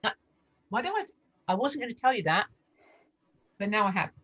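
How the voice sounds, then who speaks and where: An animated woman in her forties tells her story and acts out every voice in it, leaping up high for the quoted lines. Her voice sits at an ordinary middle pitch, and she speaks in casual testimony style. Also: normal speed, dull audio, background noise. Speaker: guest sharing testimony.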